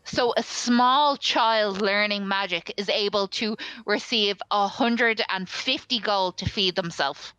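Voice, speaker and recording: A woman's voice: mid-range voice, sharp tone, smooth, no room sound, poor audio. Marilla, a woman playing an indignant young mage. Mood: arguing. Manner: argumentative and quick to object.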